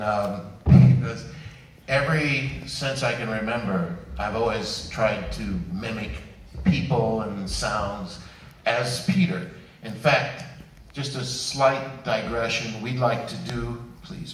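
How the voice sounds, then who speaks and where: A man's voice: mid-range voice, slight background noise. A male voice actor on a convention panel, telling rambling, playful stories. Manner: rambling, playful storyteller who slips into voices. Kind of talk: anecdotal panel talk. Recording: echoey convention hall, distant mic, crowd.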